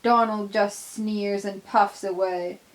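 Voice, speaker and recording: Brief: woman narrator, unhurried storybook reading, mid pitch. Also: steady tone, rough recording. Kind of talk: fan fiction audio reading.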